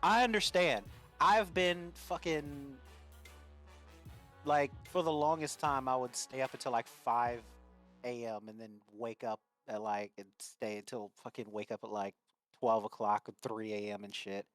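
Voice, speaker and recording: A man's voice: mid-range voice, fairly even intonation, unhurried, fairly bright tone, soft background music. Laid-back man with a light Cajun accent. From Louisiana. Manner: laid-back, blunt, swears casually. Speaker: stream guest. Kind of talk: casual stream chat.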